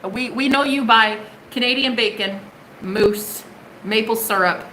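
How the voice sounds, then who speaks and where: A woman's voice: on the high side, a little slow, background noise. A young woman from the United States giving a live-stream tarot reading, chatty and bubbly with plenty of swearing. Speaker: tarot reader.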